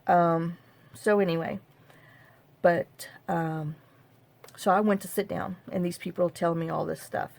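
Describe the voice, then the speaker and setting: A woman's voice: on the low side, steady tone, measured pace, creaky, long pauses, a little mellow. A woman, telling a personal story to camera in a casual, rambling, half-joking way. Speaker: craft vlogger.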